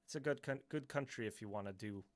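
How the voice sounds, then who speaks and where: A man with a Swedish accent, speaking at an ordinary middle pitch, chats casually on a livestream as he answers viewer questions. His delivery is hesitant and loose. He fills gaps with "uh", corrects himself mid-sentence and chuckles often. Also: quick pace, no echo. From Sweden. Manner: hesitant, filler-heavy, self-correcting, chuckling. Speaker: YouTuber answering chat questions.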